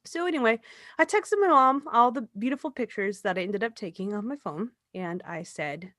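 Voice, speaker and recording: A woman's voice: a little high, animated, moderate pace, fairly bright tone, no echo, clean studio sound. A young adult woman co-hosting a podcast, telling a story in casual chat and acting out the quotes with lots of swearing. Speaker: podcast co-host.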